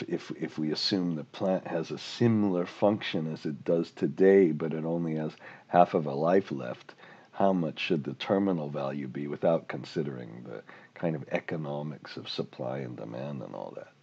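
A man's voice: rumbling low, normal speed, a little mellow, husky, highs cut off. A man giving an informal, rambling finance lecture with a self-deprecating manner. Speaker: finance instructor.

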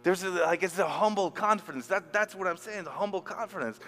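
A male pastor preaching a sermon in a casual, animated way, with slang and acted-out quotes. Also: high-pitched, brisk. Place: church hall. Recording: long hall reverb, faint music.

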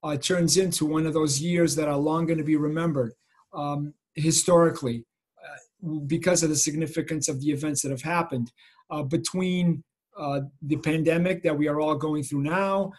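A man's voice: a little high, fairly even intonation, normal speed, a little mellow. A middle-aged man from Massachusetts giving an informal talk about his photojournalism over a video call, earnest and reflective with many ums. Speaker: photojournalist guest speaker. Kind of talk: informal lecture.

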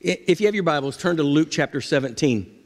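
A man delivers a sermon from the pulpit, his voice pitched high. He preaches dramatically, dropping low and then rising to ringing cries. Long reverb from the church sanctuary hangs after each phrase. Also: animated, fast talker. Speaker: pastor.

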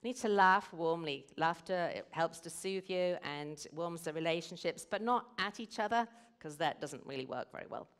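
Speaking at a normal speed with few pauses, a middle-aged woman with a fairly low-pitched voice gives a sermon as a church service's guest speaker. Her manner is earnest as she explains things and tells stories.

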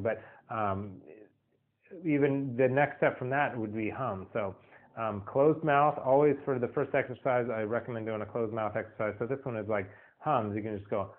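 A man giving a casual singing lesson, rambling, repeating himself and filling pauses with "um" and "uh". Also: fairly low pitch. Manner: rambling, repeats words, many fillers. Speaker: singing teacher. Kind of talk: casual spoken vocal lesson. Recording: tinny phone-like audio.

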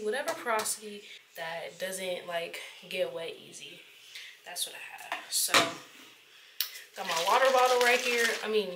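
A woman's voice: mid-range voice, heavy background noise. A woman in her twenties from Atlanta, talking casually and upbeat in slangy chat for her vlog. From Atlanta, Georgia. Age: 20s. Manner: chatty, upbeat, loose slang. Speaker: vlogger.

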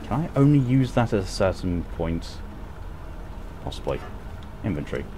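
A man's voice: low-pitched, big pitch swings, normal speed, noisy background. A man giving casual, self-mocking commentary while he plays a game on stream, often laughing at his own mistakes. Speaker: gaming streamer.

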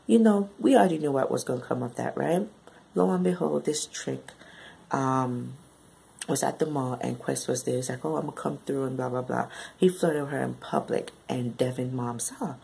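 A woman recapping a novel in a chatty, slangy way, often tagging "right?" onto her sentences and bursting into high exclamations. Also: normal speed, gravelly, warm tone, slight background noise, low-quality recording. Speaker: book reviewer. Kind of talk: casual book recap.

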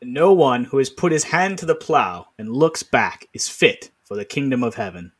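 A man's voice: medium pitch, animated, normal speed, husky. A man co-hosting a podcast, reading a comic text aloud playfully and acting out the quoted lines. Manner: playful, laughs often, acts out lines. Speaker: podcast co-host.

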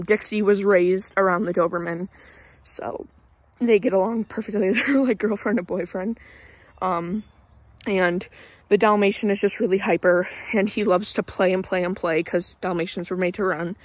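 A young woman chatting into her phone camera while walking outside, a little out of breath. Her voice is mid-pitched and sits close and dry, with no room around it. She rambles with fillers and gets indignant at times. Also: no room sound. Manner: chatty, lots of fillers, indignant about neighbors. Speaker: vlogger. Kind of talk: casual rambling vlog, walking. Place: outdoors in a neighborhood.

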